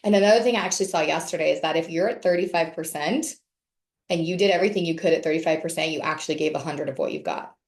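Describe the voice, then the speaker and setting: A woman's voice: low-pitched, quick pace, echoey room. A woman leading a casual wellness session on a video call, chatty and candid, cursing now and then.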